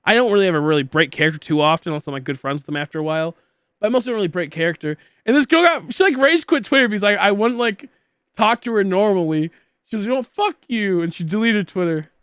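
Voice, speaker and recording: Young male streamer from Michigan, slightly high voice, dry close sound, rambling goofy casual chatter. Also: lively intonation, fast, fairly bright tone, clean tone, no room sound. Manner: rambling, goofy, filler-heavy. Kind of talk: casual chat while gaming.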